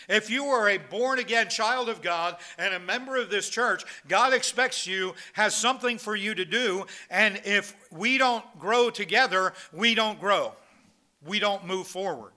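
Reading King James scripture in a sermon, a pastor speaks with many fillers and restarts. His voice sits high and sounds bright and forceful at a moderate pace.

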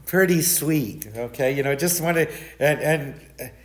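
Older male pastor teaching from scripture, loud, animated storyteller, slightly high voice. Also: slow. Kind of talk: Bible study sermon.

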